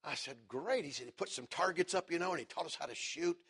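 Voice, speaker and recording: Husky middle-aged man preaching a story. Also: on the high side, quick pace. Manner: swings from hushed to loud emphatic preaching. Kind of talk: sermon storytelling.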